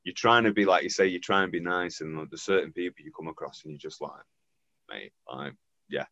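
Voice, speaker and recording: A man's voice: low-pitched, fairly quick, fairly bright tone, no echo. A man hosting a podcast over a video call, talking in a laid-back, sweary and encouraging way. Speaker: podcast host. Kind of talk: casual podcast chat. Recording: dull, dry video-call audio.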